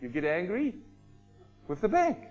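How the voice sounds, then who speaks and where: Male preacher, high and animated, acts things out mid-sermon, church recording a bit muffled. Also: faint music behind. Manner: animated, acts out everyday people in quick asides. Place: church congregation hall.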